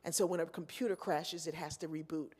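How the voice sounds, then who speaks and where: A woman's voice: low-pitched, a little fast, breathy edge. A woman giving a keynote address, telling stories and acting out the voices of the people in them. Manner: animated, acts out voices in her stories. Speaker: keynote speaker. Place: large convention hall. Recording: echoey hall.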